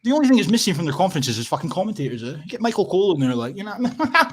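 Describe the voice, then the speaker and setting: A man's voice: high voice, very animated, rapid-fire. A Scottish man hosting a casual livestream, rambling and swearing, laughing often as he clicks through tabs. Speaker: livestream host.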